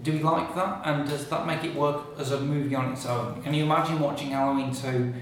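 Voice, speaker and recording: A man's voice: medium pitch, fairly even intonation, brisk. Guy chatting films, kinda hesitant, far off the mic, echoey. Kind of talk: casual film discussion.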